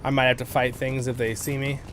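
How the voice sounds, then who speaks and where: A man's voice: mid-range voice, level tone, fairly quick, noisy background. A man casually talking his viewers through a video game on a livestream, rambling and correcting himself as he goes. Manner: chatty, rambling, self-correcting. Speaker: livestream host.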